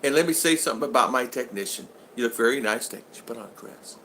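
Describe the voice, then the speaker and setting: A man's voice: medium pitch, lively intonation, fast talker, a bit bright, slight background noise. An older man hosting a casual live-stream vlog, rambling along and reading out viewer comments. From United States. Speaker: vlog host.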